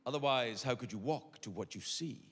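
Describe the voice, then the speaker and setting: A man voicing a calm old male acupuncturist who talks slowly and matter-of-factly. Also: medium pitch, big-room sound, very noisy, pitched below the performer's own voice, natural voice. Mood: deadpan.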